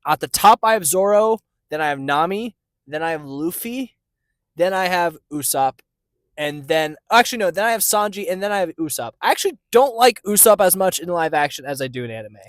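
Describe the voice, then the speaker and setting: High-voiced laid-back man on a podcast. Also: lively intonation, brisk, no echo. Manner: easygoing, lots of "like" fillers. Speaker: podcast co-host. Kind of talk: casual chat.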